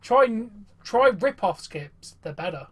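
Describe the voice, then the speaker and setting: A man's voice: high voice, sing-song, takes it slowly, fairly bright tone, a little hiss or hum. A young man hosting a casual wrestling review chat, rambling and chatty with many fillers. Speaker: host.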